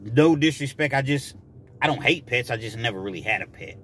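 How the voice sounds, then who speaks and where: Animated man telling a story. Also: mid-range voice, a little fast, slight background noise. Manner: animated, acts out scenes. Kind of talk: casual storytelling.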